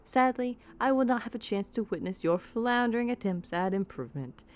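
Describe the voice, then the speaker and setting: A smug male mage drawling in a Southern American accent, as a woman puts him on, slightly high-pitched. He talks down to everyone with lofty condescension, a game quest letter read aloud. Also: a little fast, natural voice. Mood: condescending. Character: haughty male mage dismissing his apprentice.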